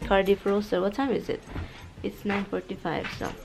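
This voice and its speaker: A Filipino-accented woman vlogging casually at home, chatty and quick to laugh, with non-native grammar. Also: mid-range voice, little pitch movement, gravelly, slight background noise. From Philippines. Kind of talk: casual home vlog chat.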